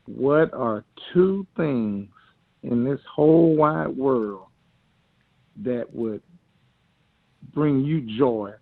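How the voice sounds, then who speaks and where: A man with a Southern US accent calls in to ask a question, speaking slowly and haltingly and repeating words. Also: mid-range voice, gravelly, dry recording. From Atlanta, Georgia, US. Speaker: caller. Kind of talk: phoned-in question. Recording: dry tinny phone line.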